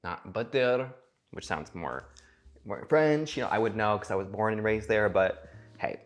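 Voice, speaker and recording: A man hosts a comedic cooking vlog from his home kitchen, speaking at a moderate pace in a lowish voice. He's sarcastic and profane, tossing in theatrical asides while faint music plays behind him.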